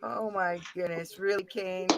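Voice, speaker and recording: A woman's voice: lowish voice, steady tone, unhurried. A woman hosting a live-streamed panel game, chatting casually and greeting viewers by name. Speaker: game show host. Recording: noisy background.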